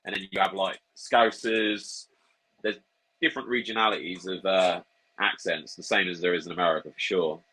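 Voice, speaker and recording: Husky Norfolk man, low voice. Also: steady tone, moderate pace, pushed and bright, poor audio. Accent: Norfolk English. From England. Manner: laid-back, swears casually. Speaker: wrestler guest. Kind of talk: casual interview chat.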